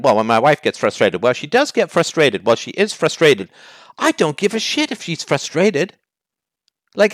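A man's voice: fairly high pitch, fairly bright tone, dry recording, studio quality. A man hosting a call-in advice show, talking bluntly and challenging the caller with heat.

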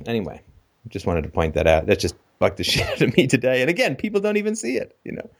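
A male host of a call-in show rants sarcastically and with animation. His slightly high voice swoops up and down in lively jumps. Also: quick pace.

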